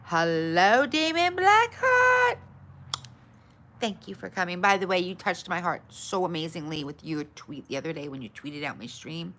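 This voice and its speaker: Frustrated woman livestreaming, grumbling. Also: slight background noise. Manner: frustrated, grumbling at her tech; switches to bright, high greetings for viewers. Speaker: livestream host. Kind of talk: casual livestream chat.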